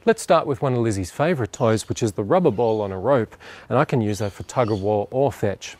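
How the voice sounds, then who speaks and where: A man working as a dog trainer, calmly explaining a training demonstration while crouched beside a dog. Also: fairly low pitch, a little fast, dry recording. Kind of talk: instructional demonstration.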